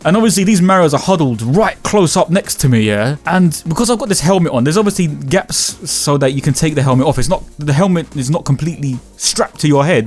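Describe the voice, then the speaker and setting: A man telling a story casually, swearing and slipping into slang as he acts out what people said. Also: on the high side. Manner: animated, swears freely, slangy, acts out quotes.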